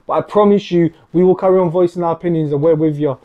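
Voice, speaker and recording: A man's voice: a little high, a little fast, hardly any pauses, highs cut off. A man with a Mancunian accent, from Manchester, speaking earnestly and with passion as host of a podcast conversation. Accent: Mancunian English. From Manchester, England. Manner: earnest and impassioned.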